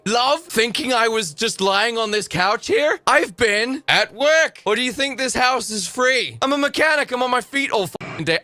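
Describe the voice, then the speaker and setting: A man's voice: very high-pitched, bright, forceful tone, no echo, pitched above the performer's own voice, full character voice. A man playing a fed-up working man who snaps back at his partner, indignant, mocking and sweary.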